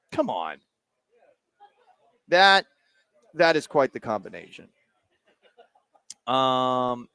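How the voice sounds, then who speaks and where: Joking talk-radio host, dry close sound. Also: male voice, mid-range voice, fairly bright tone, no room sound. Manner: rambling and jokey, reading out listener messages. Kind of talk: casual sports talk show. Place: a bar.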